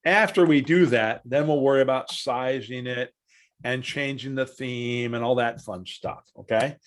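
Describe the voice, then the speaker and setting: A male instructor teaching a live online class at a middle pitch. He talks in a loose, chatty way, narrating every click and tossing questions to his students. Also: a little slow. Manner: chatty, asks the class questions, walks through steps aloud. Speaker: software trainer. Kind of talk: live online training session.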